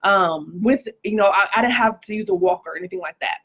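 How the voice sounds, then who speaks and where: A woman's voice: medium pitch, lively intonation, fast talker, creaky, fairly bright tone, breathy edge, lo-fi sound. Chatty woman giving a live testimony. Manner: chatty, greets viewers by name, frequent "like" and "um". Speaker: livestream host sharing a testimony. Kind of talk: casual live-stream testimony.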